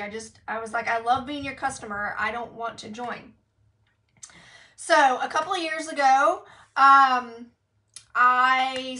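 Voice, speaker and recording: A woman's voice: high-pitched, sharp tone, far from the mic. A young woman earnestly telling her personal story on a phone live video, with lots of fillers. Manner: earnest, heartfelt, many fillers. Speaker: direct sales consultant sharing her story. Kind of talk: casual personal story on a live team training. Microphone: phone live video call.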